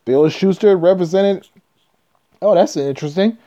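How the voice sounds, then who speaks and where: A man's voice: high voice, moderate pace, mellow. A man hosting a trucking channel, reading news stories aloud and breaking off into blunt, profane rants. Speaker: trucking video host. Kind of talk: casual commentary on news. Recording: dull lo-fi sound.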